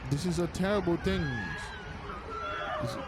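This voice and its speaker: A man's voice: high-pitched, fairly even intonation, unhurried, crowd noise, background noise. A man commenting over video clips as an online preacher, repeating his points emphatically and addressing listeners as beloved.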